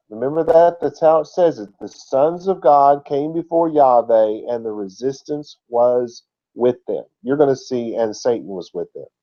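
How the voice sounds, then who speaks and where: Casting note: male Bible teacher, mid-pitched, talky and explanatory, dull lo-fi recording. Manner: explanatory, conversational, with rhetorical questions. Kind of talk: sermon-style Bible teaching.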